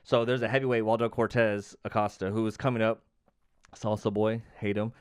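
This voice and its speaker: Smooth-voiced man, animated podcast chat. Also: lowish voice, fairly quick, dry recording, studio quality. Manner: animated storytelling, heavy on filler words and swearing. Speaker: podcast co-host.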